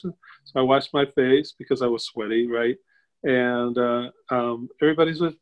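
An older man, a guest on a video call, tells a personal story in a casual way. He acts out the quoted voices with sudden jumps up in pitch and chuckles as he goes. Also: fairly even intonation, normal speed, lo-fi sound. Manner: chuckles while telling. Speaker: interview guest.

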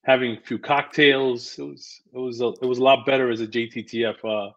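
A man's voice: medium pitch, steady tone, fairly quick. Wisecracking New man, muffled sound. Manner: wisecracking, joking asides. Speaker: co-host, former police officer. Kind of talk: casual chat, reading the live chat. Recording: dull lo-fi sound.

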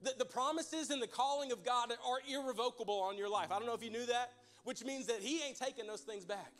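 A man's voice: very high-pitched, a little fast. A young man preaching a folksy, joking sermon to his church. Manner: folksy, joking, addresses crowd as y'all. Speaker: pastor.

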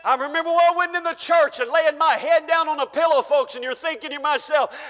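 An older man preaching a fervent sermon as pastor in a church, shouting praise and then dropping to a hush. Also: very high-pitched, fairly quick. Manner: shouting, exclaiming hallelujah, swinging between loud and soft. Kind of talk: pentecostal sermon. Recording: church hall reverb.

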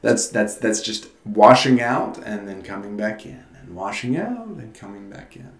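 A man's voice: on the low side, animated, unhurried. A man preaching a sermon as pastor, in an earnest, conversational way with frequent restarts. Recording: roomy echo.

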